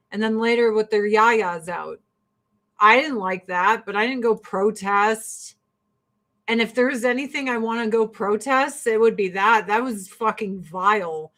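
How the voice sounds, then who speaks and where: A woman's voice: a little high, a bit bright. Blunt, profane woman ranting on a livestream. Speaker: livestream host. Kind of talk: casual livestream chat.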